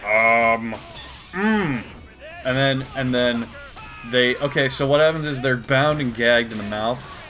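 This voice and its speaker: A man's voice: mid-range voice, bright, forceful tone. A man doing comedic commentary while reading a comic aloud, crude, profane and exasperated. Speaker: YouTuber.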